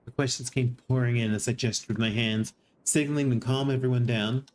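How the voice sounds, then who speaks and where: A streamer reading a text adventure aloud in an even voice, with amused asides now and then. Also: medium pitch, fairly quick, a little hiss or hum. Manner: reads narration evenly and breaks in with surprised laughing asides.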